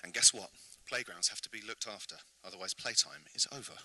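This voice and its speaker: A man from the UK giving a prepared speech at an event, earnest and rhetorical, often clearing his throat. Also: on the low side, a little fast, pushed and bright, rough recording. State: slightly out of breath. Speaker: invited speaker. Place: event venue.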